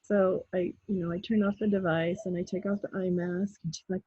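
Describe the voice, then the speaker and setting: A woman guest on an interview show, telling a story in a casual, animated way and acting out her own pleas and the words of others. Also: mid-range voice, brisk, hardly any pauses, breathy edge, dry recording, highs cut off. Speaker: guest, intuitive healer.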